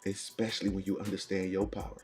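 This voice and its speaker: A man's voice: low-pitched, little pitch movement, fast, soft background music. A man hosting a morning motivation show, preaching in punchy, repeated lines. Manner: preachy, punchy call-and-response cadence. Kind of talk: motivational talk.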